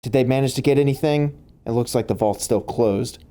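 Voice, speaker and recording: A man voicing a kindly older woman who runs an orphanage, talking in a weary, soft-spoken way over a home chat mic. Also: medium pitch, fairly quick, close to an everyday voice.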